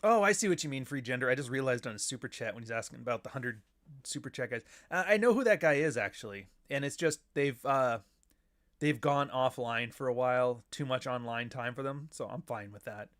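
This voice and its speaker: Middle-aged Canadian man, mid-pitched, sardonic and profane, rambling livestream host. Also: animated, a little fast, a bit bright. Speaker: show host. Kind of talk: casual livestream commentary.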